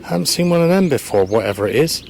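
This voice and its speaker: A man's voice: a little high, lively intonation, very fast, vocal fry, a little mellow, slight background noise. A man vlogging his metal detecting in a farm field, thinking aloud in a hesitant, chatty way as he talks to the camera. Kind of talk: casual commentary to camera. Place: open farm field outdoors.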